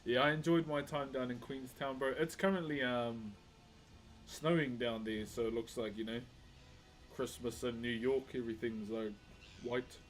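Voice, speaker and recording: Here a man with a New Zealand accent carves wood live and chats casually with the people watching, calling everyone bro. His mid-range voice has fairly even intonation at a normal speed, with a little hiss or hum in the background.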